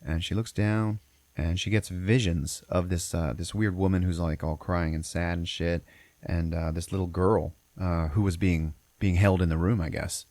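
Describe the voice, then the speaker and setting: A man with a very deep, low voice recaps a film plot for his podcast, rambling and cursing freely as he goes. The sound is dry and close, with no room around it. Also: fairly even intonation, moderate pace, darkish tone, dry recording. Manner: profane, rambling storyteller. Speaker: podcast host. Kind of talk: casual movie recap.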